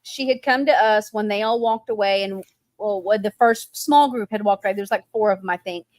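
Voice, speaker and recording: A woman's voice: mid-range voice, a little fast, a little mellow, no echo. A woman co-hosting a livestream, explaining events in long run-on sentences. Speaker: livestream co-host. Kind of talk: casual livestream chat.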